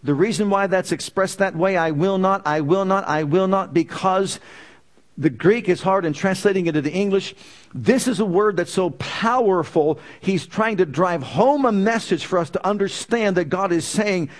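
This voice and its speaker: A man's voice: high-pitched, animated, a little slow. A man preaching a sermon in an emphatic way, repeating key phrases with building intensity.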